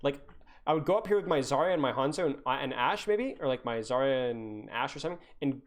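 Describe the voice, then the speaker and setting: Animated woman ranting through a game review. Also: very deep voice, fast. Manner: ranting, exasperated, repeats points for emphasis. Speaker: game coach and streamer. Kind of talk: live-streamed gameplay review.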